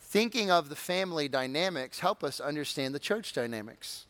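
Male pastor, fairly high voice, dry close recording; lively sermon delivery with humorous asides. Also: moderate pace, no room sound. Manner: animated, acts out excited congregants in high shouts.

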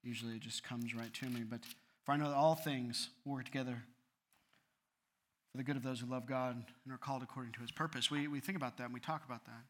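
A man's voice: medium pitch, steady tone, fast talker, fairly bright tone. A man preaching an earnest sermon as a pastor, building to fervent appeals.

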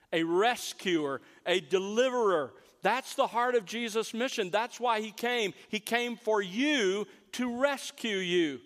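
A man delivers an earnest sermon, his voice sitting a little higher than most men's. He slows down and leans on the words that matter most. The sound rings out with a long, lingering echo, as in a big hall. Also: a bit bright. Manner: earnest preaching, stresses key words slowly. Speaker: pastor.

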